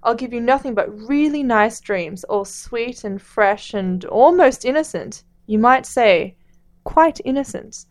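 Brief: a coaxing, wheedling lizard creature, read by a woman, a bit lower and quieter than her own voice. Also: expressive, unhurried. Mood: pleading. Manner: coaxing, soft and pleading.

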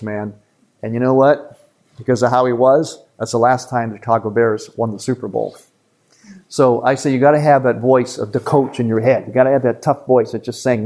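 A man, a priest giving a retreat talk to a live audience in an earnest, emphatic way with quick asides. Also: medium pitch, steady tone, darkish tone.

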